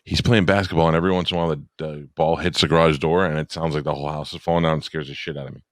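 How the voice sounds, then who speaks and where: A man's voice: a bass voice, steady tone, racing, no room sound, clean studio sound. A middle-aged man co-hosting a podcast, bantering bluntly and profanely in casual chat. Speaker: podcast co-host.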